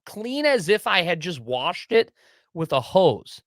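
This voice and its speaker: Man telling a lively hunting story. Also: high voice, measured pace, dry recording. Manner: animated, swears, acts out his own inner voice. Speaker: podcast co-host. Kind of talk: casual storytelling.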